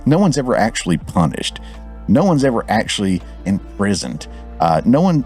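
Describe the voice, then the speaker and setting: A man from Georgia, hosting a show and ranting in an animated way straight to his viewers. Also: low-pitched. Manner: animated, fired-up, talks to viewers directly. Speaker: show host. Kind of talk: ranting commentary.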